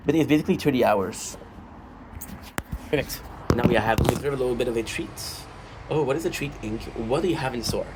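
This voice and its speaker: A man's voice: mid-range voice, fairly quick, noisy background. Rambling man chatting on stream. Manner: rambling, asks chat rhetorical questions. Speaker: gaming streamer. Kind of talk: casual livestream chat.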